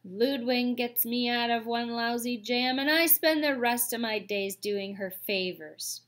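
A woman's voice: fairly high pitch, unhurried, a bit bright. A woman voicing a stubborn, grumbling male beaver, a father of the family. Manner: gruff, grumbling.

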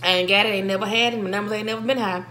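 A woman's voice: medium pitch, fairly even intonation, racing, pushed and bright, a little hiss or hum. A woman, chatting casually as she eats on camera, telling stories with laughing asides. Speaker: vlogger eating on camera. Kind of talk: casual mukbang chat.

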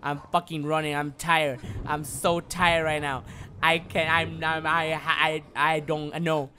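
Bright-voiced man streaming a game. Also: fairly high pitch, flat delivery, slow pace, a little hiss or hum. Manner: frustrated, swearing, repeats himself. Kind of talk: live gameplay commentary.

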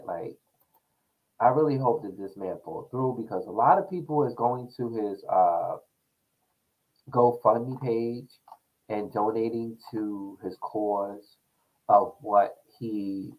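A young man hosting his own talk show, rambling through news and stories in a casual, animated monologue. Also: medium pitch, narrow, tinny audio. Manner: rambling, animated storytelling with laughs.

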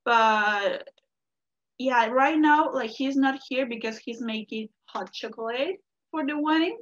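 A woman's voice: on the high side, unhurried, a bit bright. A woman from Mexico, a native Spanish speaker, telling a folk tale expressively and asking the listeners questions. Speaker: storyteller. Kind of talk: animated storytelling to an audience. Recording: dull lo-fi recording.

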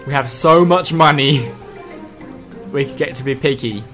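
A man's voice: medium pitch, moderate pace, fairly bright tone, faint music behind. A young man co-hosting a let's play, chatting and joking in a laid-back way. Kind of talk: casual gameplay commentary.

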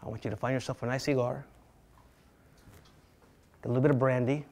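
His voice is mid-range and a little fast as the middle-aged instructor leads a lively real estate lecture. Animated and theatrical, he acts out agents in a panic and jokes around with students.

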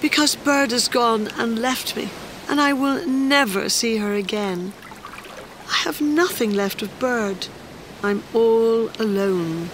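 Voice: mid-range voice, animated, slow pace, sharp tone, slight background noise, voice pushed up, exaggerated voice, low-quality recording. A narrator voicing an anxious little creature. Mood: sad. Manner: anxious, pleading. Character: small scared grieving creature, young.

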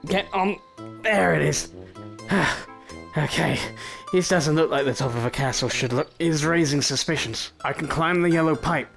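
A young man giving excitable gameplay commentary, full of swearing and mock threats. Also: on the high side, moderate pace, creaky, soft background music. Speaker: gaming YouTuber.

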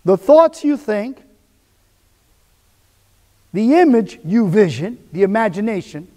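A man's voice: sits high, big pitch swings, takes it slowly, dark tone, long reverb tail. A man preaching a sermon as pastor, emphatic and repetitive, voicing quoted inner voices.

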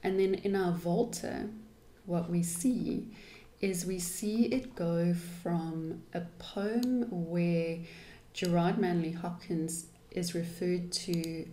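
A woman's voice: on the low side, steady tone, slow, dark tone. A woman, an English teacher explaining a poem in a thoughtful, explanatory way. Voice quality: thoughtful, explanatory manner with restarts. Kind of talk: poetry lesson. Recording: echoey room.

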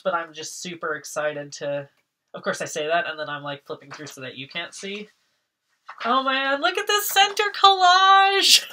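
A woman vlogger from Massachusetts chatting casually through an unboxing, excitable, laughing often and swearing when she rants. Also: sits low.

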